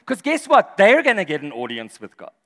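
A man preaching a sermon in an animated, humorous way, often laughing as he talks. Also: high voice, brisk, in a large hall. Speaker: pastor.

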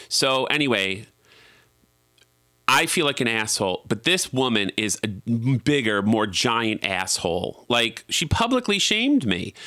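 A middle-aged man tells a rambling story in a casual monologue, self-deprecating and exasperated. His voice sits a little low but sounds bright and forceful. The sound is dry and close, with no room in it. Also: no room sound.

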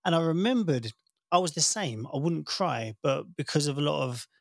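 A man's voice: fairly high pitch, normal speed, gravelly, no echo, studio quality. A middle-aged man, a podcast host telling candid stories in casual chat. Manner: candid, animated storyteller.

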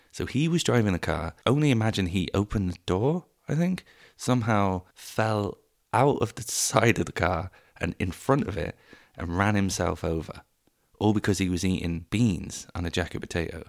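A man's voice: sits low, creaky, dry recording, studio quality. A man hosting a solo comedy podcast, rambling, self-deprecating and sweary, jumping between voices. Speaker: podcast host.

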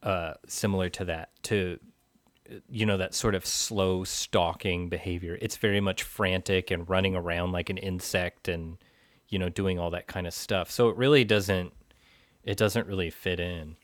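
A man's voice: sits low, fairly even intonation, moderate pace, no echo. A man co-hosting a casual film discussion, thoughtful and rambling with fillers. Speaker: film podcast co-host.

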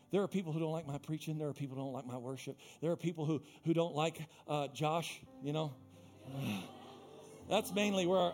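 A male pastor with a high, light voice delivers a fervent sermon in a church sanctuary. He calls members of the congregation by name and hammers his key lines through repetition, moving between quiet stretches and loud ones. Soft music plays faintly behind him. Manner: impassioned, repetitive preaching that swings from hushed to loud; talks directly to the congregation by name. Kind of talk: live sermon.

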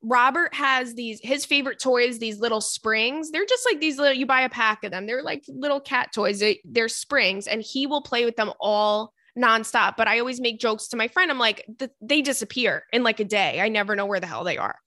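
A woman's voice: on the high side, animated, moderate pace, few pauses, pushed and bright, no room sound, studio quality. A young adult woman hosting a podcast, chatting casually and animatedly, with casual swearing. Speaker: podcast host. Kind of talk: casual chat.

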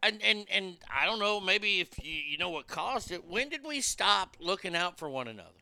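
Exasperated podcast guy ranting, gravelly and smooth at once. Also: high-pitched, very animated, moderate pace, pushed and bright, no echo. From United States. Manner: blunt, profane, exasperated. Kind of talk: opinion rant monologue.

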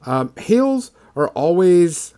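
A man's voice: high-pitched, very animated, slow pace, warm tone. A man co-hosting a casual chat about tabletop games, explaining with lots of fillers and restarts. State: has the hiccups. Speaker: podcast co-host.

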